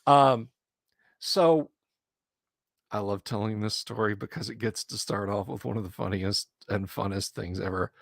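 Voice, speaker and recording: A man's voice: on the low side, level tone, fairly quick, creaky, few pauses, breathy edge, no room sound. A middle-aged man streaming, chatting casually and telling rambling anecdotes close to his mic. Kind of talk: casual chat.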